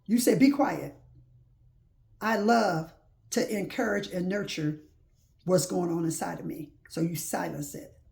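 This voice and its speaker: A woman's voice: fairly low pitch, steady tone, unhurried, vocal fry, a little mellow. A woman preaching informally to her listeners, urging them on with repeated rhetorical questions and folksy phrasing. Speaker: faith-based motivational speaker.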